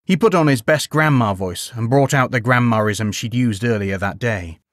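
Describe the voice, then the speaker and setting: A man narrating a bedtime story in a gentle, expressive storytelling manner. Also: medium pitch, moderate pace, no room sound, clean studio sound.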